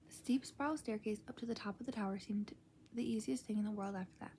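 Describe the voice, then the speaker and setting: A woman reading a storybook aloud in a soft, unvoiced ASMR whisper. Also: medium pitch, fast talker, a little hiss or hum.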